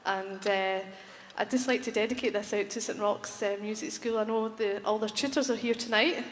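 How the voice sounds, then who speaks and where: A woman's voice: mid-range voice, steady tone, normal speed, noisy background. A woman from Glasgow, a musician introducing a tune live, chatty and teasing with many fillers, in a concert hall. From Glasgow, Scotland. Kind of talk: live stage banter. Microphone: stage microphone. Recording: live hall with crowd and long reverb.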